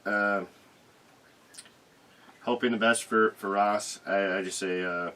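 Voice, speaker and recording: Low-pitched guy co-hosting, laid back and teasing, dry humor. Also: fairly even intonation, slow pace, pushed and bright, clear, resonant tone. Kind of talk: casual chat.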